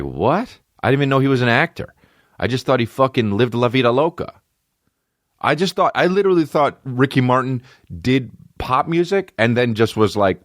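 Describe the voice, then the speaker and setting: A man hosting a podcast, talking in a loose, rambling way full of swearing. His voice sits very deep but leaps up and down in pitch. The recording is dry and close, with no room sound. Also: no room sound. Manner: rambling, swears a lot, big jumps in pitch. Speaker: podcast host. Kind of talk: casual chat. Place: home studio with barking dogs nearby.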